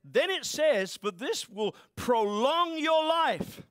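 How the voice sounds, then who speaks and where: A man preaching to his congregation in a lively, joking way. His voice sits high and swings widely up and down. The sound is dry and close, with no room echo. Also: takes it slowly. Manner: animated preaching with playful voices and asides. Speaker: pastor. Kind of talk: sermon.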